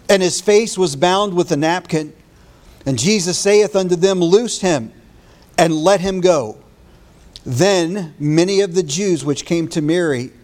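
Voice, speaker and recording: A man's voice: on the high side, a little mellow. A man preaching a morning sermon as pastor, retelling a scripture story in an earnest way with small restarts.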